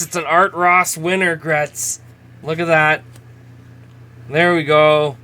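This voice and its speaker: A man's voice: on the high side, fairly even intonation, very slow, pushed and bright, smooth. A man, casually chatting as he opens trading card packs, laughing at himself and reading names aloud. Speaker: host. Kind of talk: casual card-opening commentary.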